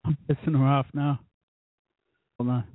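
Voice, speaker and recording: A man hosting his own show, telling rambling, profane stories in a casual drunken way, with sudden loud bursts. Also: medium pitch, steady tone, a little slow, no echo, phone-quality sound. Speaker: podcast host.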